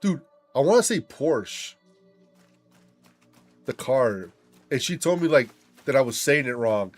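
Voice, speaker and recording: A man's voice: medium pitch, unhurried, faint music behind. A man hosting a gaming channel, chatting casually and swearing while he plays and tells stories. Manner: animated, swearing storyteller. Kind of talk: casual commentary while playing a game.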